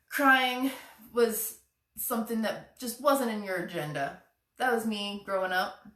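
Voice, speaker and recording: In an echoey room and away from the mic, a woman with a slightly high, fairly bright voice hosts a live-streamed chakra challenge. She gives her viewers an earnest, encouraging motivational talk.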